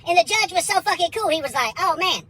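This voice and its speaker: A comedian telling a crude, animated story and acting out the other people in it. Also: female voice, extremely high pitch, quick pace, rough recording.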